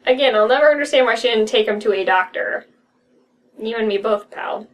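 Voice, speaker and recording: A young woman reading a horror story aloud with a friend, giggly and quick to riff on jokes. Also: on the high side, distant mic, rough recording. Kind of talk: casual reading and chatty reactions. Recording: voice a bit off-mic.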